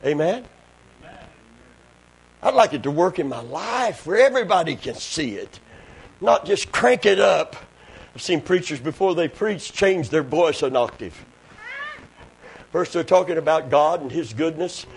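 A man preaching a fervent sermon, breaking into shouted bursts and hallelujahs. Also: a little high, lively intonation, a little slow, pauses often. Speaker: pastor.

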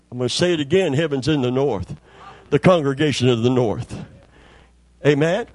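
A man's voice: medium pitch, lively intonation, normal speed, no room sound. A middle-aged man preaching a sermon in a folksy, conversational storytelling way, repeating words for emphasis. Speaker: pastor.

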